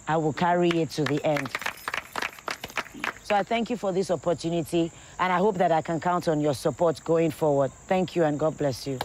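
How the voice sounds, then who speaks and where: A woman's voice: on the low side, a little mellow, a little hiss or hum. Candid middle-aged woman. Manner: candid, reflective, laughs often. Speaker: actress turned politician. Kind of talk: personal documentary interview.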